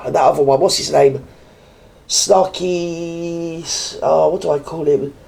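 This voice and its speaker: Slow and gravelly, her deep, darkish voice keeps a fairly even intonation as she rants. The speaker is a British woman standing indoors to host a reaction video, sneering with sarcasm and indignation and parodying others in put-on voices.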